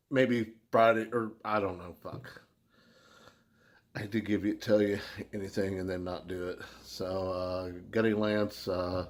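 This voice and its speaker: A man with an American accent, hosting a casual beer review channel, rambling through thank-yous to his viewers with lots of fillers and swearing. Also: lowish voice. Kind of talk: casual shout-outs to viewers.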